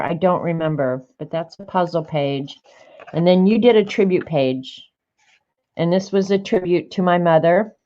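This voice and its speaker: An older woman vlogging in a casual, rambling way while she looks through old art journal pages. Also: fairly low pitch. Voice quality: chatty, rambling, warm-hearted reminiscing. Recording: slightly dull lo-fi sound.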